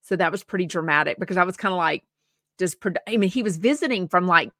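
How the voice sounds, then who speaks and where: A woman's voice: fairly low pitch, quick pace, sharp tone, no echo, studio quality. A woman co-hosting a show, chatting casually and rambling sympathetically as she reads viewer comments aloud. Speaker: co-host.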